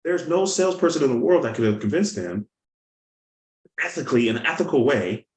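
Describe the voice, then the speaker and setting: A man giving an energetic sales lesson, telling stories and acting out the people in them. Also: mid-range voice, fairly quick, roomy sound, rough recording. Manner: energetic, storytelling, acts out quotes. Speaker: sales coach. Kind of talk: motivational teaching talk.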